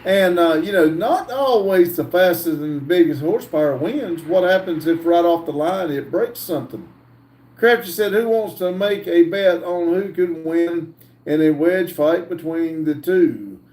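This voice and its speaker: A man hosts a livestream and reads viewer chat aloud, taking his time and pausing on "uh". His voice is mellow and dark. He is heard from some distance in a roomy space. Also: fairly high pitch. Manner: slow, halting reading with frequent "uh" fillers. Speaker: livestream host.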